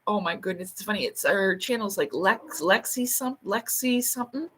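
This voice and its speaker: Chatty woman host on a casual livestream, rambles, laughs easily, swears lightly, jumps into high squeaky voices when quoting people. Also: moderate pace, slight background noise. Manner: reads out and answers viewer comments; acts out quoted lines in sharp, much higher bursts.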